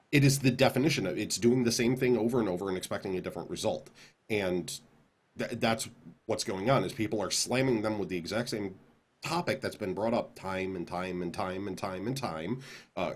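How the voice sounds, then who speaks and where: A man's voice: sits low, normal speed. A man co-hosting a podcast, talking casually and rambling, repeating words as he builds his points. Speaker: podcast co-host.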